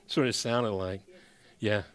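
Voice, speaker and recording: A man's voice: on the low side, steady tone, unhurried, a bit bright, clean tone. A man preaching a sermon as pastor. He speaks in a conversational, emphatic way and often restarts his sentences.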